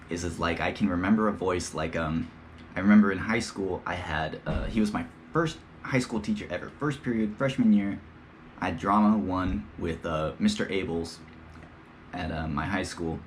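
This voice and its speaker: A man's voice: deep voice, moderate pace, a little hiss or hum. A young man hosting a podcast, talking in a rambling, slangy, profane casual monologue and slipping into playful impressions. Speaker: podcast host.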